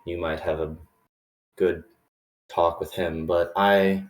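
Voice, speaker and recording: A man playing a defiant male elf who hates taking orders, speaking bluntly and in a measured way. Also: low-pitched, level tone, roomy sound, voice pushed down. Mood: resolute. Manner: blunt, measured, gruff resolve.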